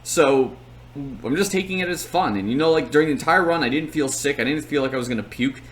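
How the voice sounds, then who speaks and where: A man's voice: a little high, a little fast, a bit bright. A young man talking casually and at length, with plenty of fillers, as he recaps his race on his channel. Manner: chatty, rambling, lots of fillers.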